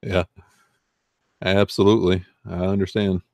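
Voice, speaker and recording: A man's voice: low voice, level tone, measured pace, gravelly, a little mellow. A man with a Southern US accent hosting a casual livestream, rambling and answering chat comments. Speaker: eBay reseller hosting a livestream.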